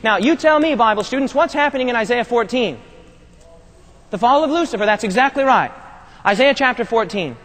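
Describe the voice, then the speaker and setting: A man with a strikingly high voice preaches a sermon, often pausing to ask the congregation to fill in a word. His delivery swings from loud, urgent emphasis to low, hushed tones. The sound carries a long reverb, as if recorded in a large hall. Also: lively intonation. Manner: call-and-response questions to the congregation.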